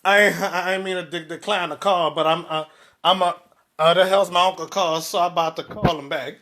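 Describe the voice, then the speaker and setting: A man's voice: high-pitched, fairly even intonation, a little fast, bright, forceful tone. A man hosting a casual livestream who is out of breath, joking at his own expense and talking straight to his viewers. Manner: joking, self-mocking, addresses viewers as y'all. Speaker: livestream host.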